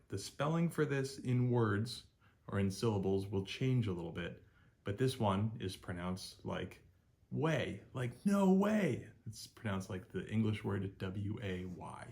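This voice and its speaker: A man's voice: creaky, a little mellow. A man teaching Mandarin pronunciation in a friendly spoken lesson, drilling vowel sounds and encouraging the learner. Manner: encouraging, repeats sounds with rising pitch, praises learner.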